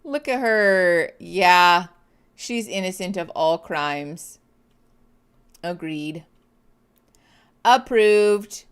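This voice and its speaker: A woman's voice: lowish voice, extremely slow, pauses often, clean tone. A woman streamer chatting casually and gushing over pet photos, giggling and cooing. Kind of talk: casual reaction chat.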